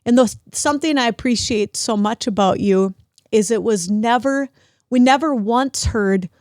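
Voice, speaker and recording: A middle-aged woman hosting a podcast, talking warmly and emotionally to her father, grateful and close to tears. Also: on the high side, normal speed, no echo. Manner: emotional, grateful, at times tearful. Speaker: podcast host. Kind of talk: heartfelt family conversation.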